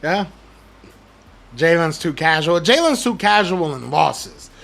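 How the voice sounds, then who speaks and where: A man's voice: fairly high pitch, very animated, takes it slowly, gravelly, a bit bright. A young man hosting a podcast, ranting about his team in blunt slang with fired-up emphasis and reading out live chat comments. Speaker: podcast host. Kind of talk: heated sports rant, reading live chat.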